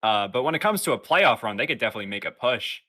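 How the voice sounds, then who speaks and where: Bright-voiced young co-host breaking down basketball. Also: male voice, mid-range voice, very animated. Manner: measured sports analysis. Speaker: podcast co-host. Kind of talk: casual chat.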